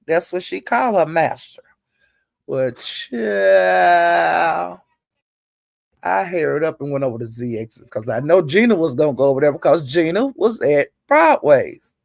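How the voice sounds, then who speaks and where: A woman's voice: low-pitched, big pitch swings, takes it slowly, vocal fry, darkish tone, no echo, clean studio sound. A woman hosting a livestream, retelling an online feud in a chatty, gossipy way and calling her listeners "child". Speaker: livestream host.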